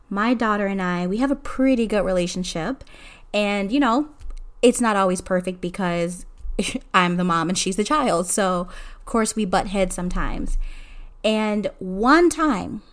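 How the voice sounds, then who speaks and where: A middle-aged mother talking earnestly and conversationally about family conflict, with frequent fillers, in a reflective personal talk. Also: medium pitch. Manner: earnest, conversational, many "you know" fillers. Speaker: mother sharing advice.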